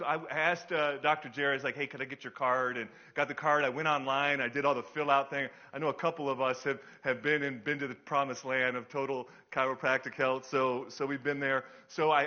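A man's voice: a little high, bright, forceful tone. Chatty middle-aged male pastor. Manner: chatty, self-deprecating, many fillers. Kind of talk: storytelling sermon. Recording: dull lo-fi sound.

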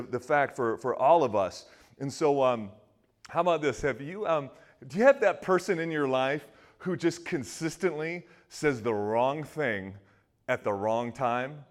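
A man preaching a sermon in a casual, conversational way, asking his listeners questions and dropping low and quiet when he quotes. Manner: conversational, asks the audience questions. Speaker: pastor.

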